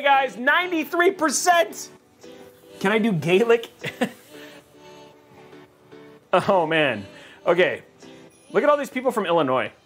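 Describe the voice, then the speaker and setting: A man's voice: sits high, fairly bright tone. Jokey rambling man hosting a livestream. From California, USA. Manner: rambling, jokey, reads chat aloud. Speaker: host of a PC-building livestream. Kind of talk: casual livestream chat.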